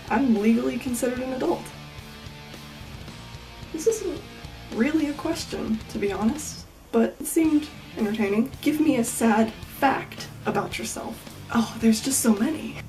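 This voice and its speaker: Deadpan eighteen-year-old woman, off-mic. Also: a little high, moderate pace, recorded from a distance, over music, rough recording. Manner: deadpan, self-mocking jokes, drops to whispers. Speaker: vlogger. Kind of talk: casual Q&A vlog. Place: home bedroom at night.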